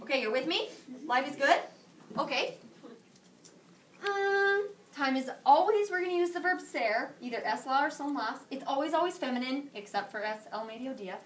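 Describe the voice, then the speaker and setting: A woman Spanish teacher giving a playful, animated classroom lesson, quizzing her students. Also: high-pitched, normal speed. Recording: distant classroom camera with faint noise.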